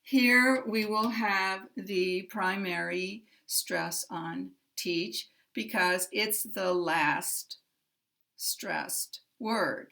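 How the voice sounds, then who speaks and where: A woman teaching American English pronunciation, speaking slowly and carefully and modeling example sentences. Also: medium pitch, vocal fry, pushed and bright. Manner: very slow and careful, drawing out key words. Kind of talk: slow, deliberate teaching with spoken examples.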